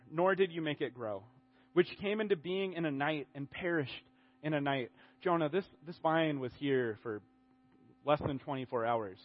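A man preaching a sermon in a conversational, animated way, often restarting his sentences. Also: on the high side, narrow, tinny audio.

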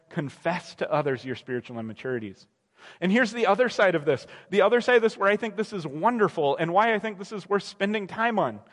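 Young man, pastor, conversational sermon, high-pitched, reverberant hall. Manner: conversational, self-correcting, acts out quoted voices.

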